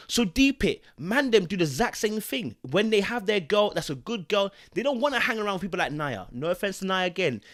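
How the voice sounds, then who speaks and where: A man running his podcast with a somewhat high voice for a man. He talks like he is preaching, emphatic and full of slang, and keeps stopping to ask if you follow him. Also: big pitch swings, fairly quick, hardly any pauses, fairly bright tone. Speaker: podcast host. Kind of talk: opinionated podcast commentary.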